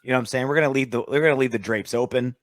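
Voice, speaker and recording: A man's voice: mid-range voice, racing, no echo, clean studio sound. A man co-hosting a sports podcast, talking in loose, joking, rambling banter. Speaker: podcast co-host. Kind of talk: casual sports chat.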